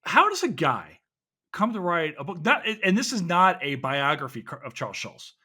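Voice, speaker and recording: A man's voice: on the high side, sing-song, moderate pace, sharp tone, husky. A man hosting a podcast, asking questions in a playful, joking way. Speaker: podcast host. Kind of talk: casual interview.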